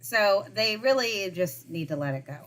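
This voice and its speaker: A woman in her thirties co-hosts a casual podcast chat, recapping a show with lots of "like" and laughter. Her voice is medium-pitched and a bit bright, with lively intonation at a normal speed.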